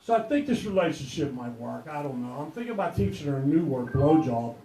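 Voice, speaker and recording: A man's voice: fairly high pitch, expressive, fast talker, warm tone. A man performing a crude stand-up comedy set, telling rowdy stories with punchlines. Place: comedy club stage before a live audience. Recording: echoey club with audience laughter.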